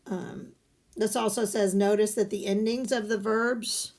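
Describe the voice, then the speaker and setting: Slow, patient woman teaching a lesson. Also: medium pitch, level tone, a little mellow. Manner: step-by-step explaining, asks and answers her own questions. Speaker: Spanish teacher. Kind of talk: recorded video lesson walking through guided notes.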